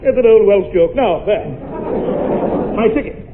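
A man's voice: unhurried, a loud crowd. A man playing a bumbling, giggling male secret agent in a 1950s radio comedy. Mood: foolish. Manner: silly, giggling, voice jumping up high. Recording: tinny old radio recording with hiss.

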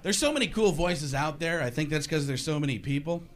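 A man's voice: on the high side, expressive, brisk. A man doing stand-up comedy, rambling and switching into character voices before a live audience. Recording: live club with loud crowd and noise.

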